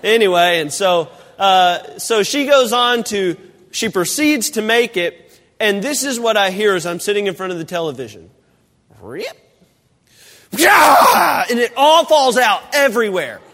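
Man, pastor, high voice, comic storytelling sermon, church hall reverb. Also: normal speed. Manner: animated, humorous storytelling.

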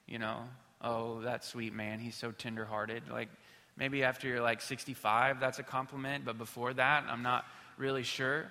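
A man's voice: medium pitch, bright, forceful tone. A man in his thirties preaching a sermon, telling stories about himself in a casual, self-mocking way with plenty of fillers. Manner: conversational, self-deprecating storytelling with many fillers. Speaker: pastor. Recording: reverberant hall.

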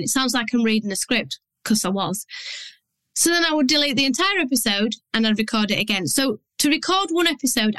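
A woman's voice: a little high, fairly bright tone, no room sound, poor audio. A woman with a Yorkshire accent, a business coach hosting her own podcast in a blunt, down-to-earth, chatty manner. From Yorkshire, England. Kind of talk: solo podcast monologue.

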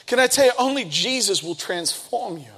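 A man in his thirties, a pastor preaching a sermon and telling a personal story with lively bursts of speed and emphasis. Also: high voice, normal speed, husky.

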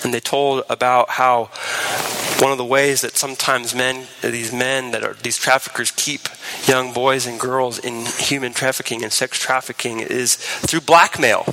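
A man preaching a sermon as pastor, shifting between emphatic raised lines and soft, low, tender passages and slowing on key words. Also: fairly even intonation, noisy background.

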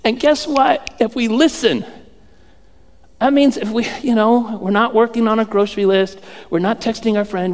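High-voiced conversational preacher in a hall. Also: male voice, fairly even intonation, normal speed. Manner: conversational, repetitive, humorous. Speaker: pastor. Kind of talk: sermon. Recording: echoey hall.

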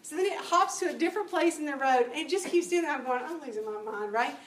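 A woman giving a spoken testimony to a church audience, telling stories with lively acted-out dialogue. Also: high-pitched, quick pace. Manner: animated storytelling, acting out dialogue. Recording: echoey room, distant mic, faint noise.

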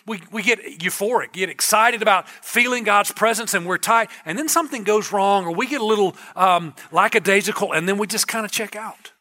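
A male pastor delivers a sermon in an easygoing, conversational way, leaning on repetition to drive his points home. His voice sits high for a man and has a bright, forward tone. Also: fairly quick, hardly any pauses. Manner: conversational preaching with emphatic repetition.

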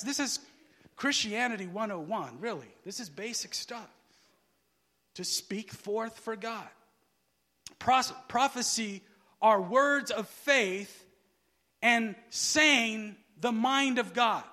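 A man preaching a sermon, asking the listeners to fill in words and swinging between quiet, low asides and loud, shouted emphasis. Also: takes it slowly, long pauses. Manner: asks the crowd to finish his sentences.

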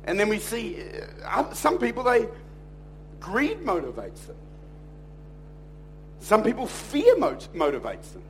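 Man, pastor, live sermon, jokey storytelling, high pitch, faint hum. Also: unhurried, pauses often. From Australia. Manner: animated storytelling preacher, jokey, acts out voices. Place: church.

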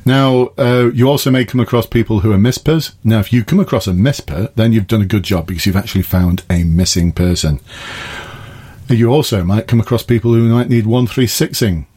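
Chatty ex-police man, lowish voice. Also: fairly quick, dark tone, breathy edge. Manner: chatty, laughs at his own jokes. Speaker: podcast host, former police officer. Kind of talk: casual advice talk. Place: garden summer house.

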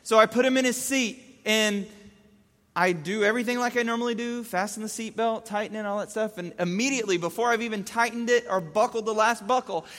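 A man in his thirties telling a comic story about his young son, animated and jumping between voices. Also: high-pitched, fairly quick. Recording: echoey hall.

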